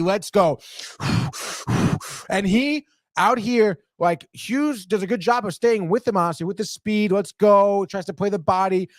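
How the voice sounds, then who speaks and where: A man hosting a sports podcast, breaking down game highlights in an excitable, profane way and saying "dude" constantly. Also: no room sound, clean studio sound.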